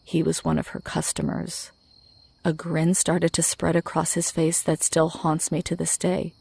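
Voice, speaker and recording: A woman tells a horror story a little slowly, her low voice flat and rough with gravel. Her reading is scripted and steady, and the close, dry recording has no echo.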